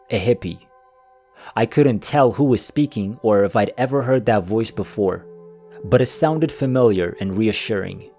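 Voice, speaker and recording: A man narrating a scripted first-person story in a calm, even manner. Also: mid-range voice. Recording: faint music behind the voice.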